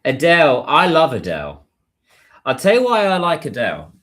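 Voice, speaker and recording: A man's voice: fairly high pitch, wildly swooping pitch, moderate pace, a bit bright. A British man hosting a casual livestream, chatting and answering viewer messages. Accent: British English. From United Kingdom. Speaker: livestream host.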